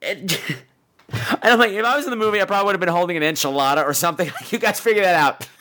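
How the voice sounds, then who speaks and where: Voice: medium pitch, fast, fairly bright tone. A podcast host ranting sarcastically about a bad movie, swearing freely and repeating words for emphasis.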